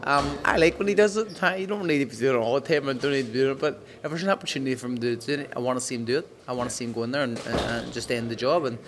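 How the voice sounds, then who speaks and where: A man's voice: medium pitch, racing, few pauses, noisy background. A man with a Northern Irish accent, a boxer chatting frankly and swearing at ringside, often repeating his words. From Northern Ireland. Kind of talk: casual chat. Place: busy boxing arena. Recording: loud arena crowd behind.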